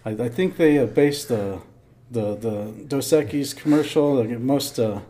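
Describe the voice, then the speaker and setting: A man's voice: mid-range voice, unhurried, mellow. A man sits in as a guest on a podcast and tells a long bar story with plenty of restarts and repeated words. His voice sits in an ordinary middle range, and the delivery is loose and rambling. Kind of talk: casual storytelling.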